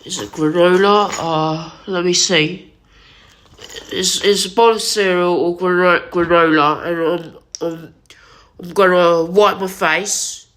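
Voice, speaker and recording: A tearful vlogger talks slowly and haltingly, sniffling and circling back over the same words. The voice is bright and a little strained. It is recorded close on a wired earphone mic. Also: medium pitch, steady tone. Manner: halting, repetitive, many restarts and self-corrections. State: crying, sniffling. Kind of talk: emotional confessional vlog. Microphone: wired headset or earphone mic.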